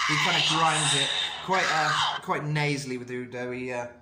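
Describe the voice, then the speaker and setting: A man's voice: fairly high pitch, moderate pace, roomy sound, heavy background noise. A man giving a casual singing lesson and explaining vocal technique in loose, rambling talk full of fillers. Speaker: vocal coach.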